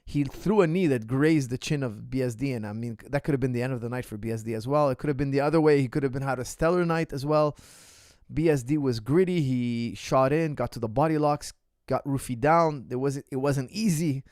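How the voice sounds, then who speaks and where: A man, a martial arts coach, chatting casually in a Q&A and telling stories in an animated way, acting out the people he quotes, often repeating words and restarting phrases. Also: mid-range voice, fairly quick, dry recording, studio quality. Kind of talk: casual livestream Q&A chat.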